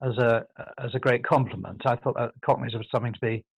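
A man's voice: mid-range voice, fairly even intonation, creaky, breathy edge, dry recording, poor audio. An older man from England with a posh southern English accent, reflecting thoughtfully as an interview guest, often stopping to restart his sentences. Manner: thoughtful, halting, self-correcting.

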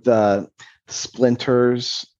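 A man's voice: mid-range voice, flat delivery, very slow, darkish tone, lo-fi sound. A man co-hosting a podcast in casual chat, reflective and analytical as he talks about acting. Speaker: podcast co-host.

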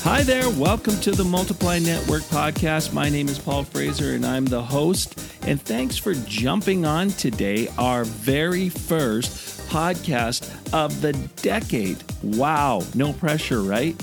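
A man's voice: fairly high pitch, animated, slow, creaky, over music. A Canadian man hosting a podcast interview, upbeat and friendly, laughing easily. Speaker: podcast host.

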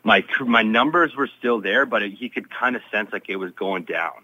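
A man's voice: on the low side, normal speed, bright, forceful tone, dull audio. A former pro hockey player in his thirties, telling his story in an interview with many fillers and restarts.

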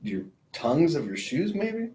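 A man's voice: fairly high pitch, big pitch swings, a little slow, warm tone, distant mic, a little hiss or hum. A man answering questions in class, hesitant and self-deprecating. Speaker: student. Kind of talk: class participation.

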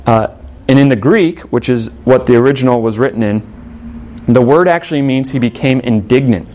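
A male pastor delivers a sermon at an ordinary, mid-range pitch. He reads scripture aloud and presses his listeners with earnest rhetorical questions. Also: moderate pace, darkish tone, slight background noise.

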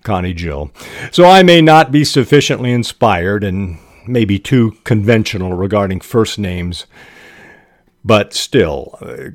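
An older man hosting a podcast on fiction writing, explaining ideas in an unhurried, thoughtful way and spelling words out letter by letter. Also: lowish voice, expressive, no room sound, studio quality. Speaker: podcast host and writing teacher. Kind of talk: instructional podcast monologue.

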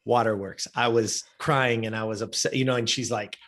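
A man's voice: fairly low pitch, fairly even intonation, moderate pace, a bit bright. A middle-aged man, a guest in an interview, telling a personal story in an earnest, conversational way with many asides. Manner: earnest, conversational, frequent "you know" and "right?" asides.

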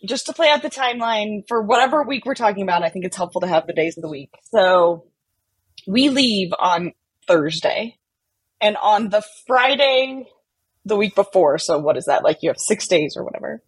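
A woman tells a story in an easy, animated way, her voice a little husky. The sound is dry and close, with no room around it. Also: medium pitch, normal speed, no echo, rough recording. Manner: animated, chatty, many fillers like "like". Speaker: podcast guest telling a story. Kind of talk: casual storytelling.

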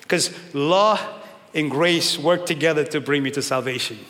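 A male pastor preaching a sermon with emphatic swings from shouting to low, quiet stretches. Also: brisk. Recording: long reverb of a large hall.

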